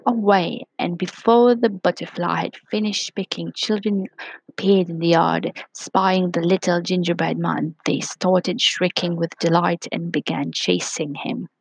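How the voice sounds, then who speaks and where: A woman's voice: on the low side, steady tone, a little slow, creaky, slightly rough, no room sound, poor audio. A woman narrating a children's storybook aloud, dropping into whispers for suspense.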